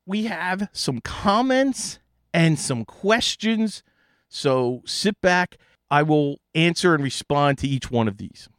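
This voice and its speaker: A man with a Philadelphia accent hosts a podcast in an easygoing, chatty way, often restarting his sentences as he reads out and answers listener messages. His voice sits at an ordinary pitch. The recording is dry and close, with no room sound. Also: expressive, slow, fairly bright tone, dry recording. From Philadelphia, USA. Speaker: podcast host.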